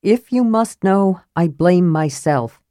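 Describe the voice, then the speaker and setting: A woman's voice: on the low side, lively intonation, slow pace, mellow, no echo, studio quality. A woman voicing a blunt young warrior in an audiobook reading, grumbling and casual in his speech. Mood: gruff. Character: gruff, worried big young warrior.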